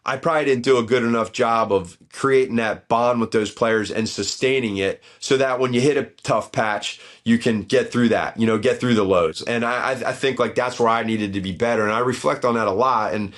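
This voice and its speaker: A man's voice: medium pitch, fairly quick, few pauses. A middle-aged man, a former football head coach, telling stories as a guest in a casual podcast chat. His voice jumps up when he acts out what people said. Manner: animated storyteller, voice jumps up in quoted bits.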